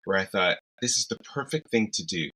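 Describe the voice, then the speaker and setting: A man co-hosting a casual podcast chat, playful and quick to laugh. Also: low voice, breathy edge, rough recording. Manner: laughs often, animated and playful. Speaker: podcast co-host.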